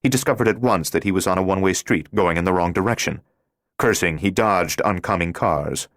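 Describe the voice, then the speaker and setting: A man narrating a thriller audiobook in a steady, measured reading voice. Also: low-pitched, no echo, studio quality. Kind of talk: scripted narration.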